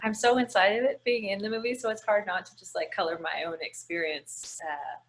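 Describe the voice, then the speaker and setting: A woman's voice: medium pitch, steady tone, brisk. A female actress being interviewed, hesitant and searching for her words. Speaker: actress guest. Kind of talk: casual interview.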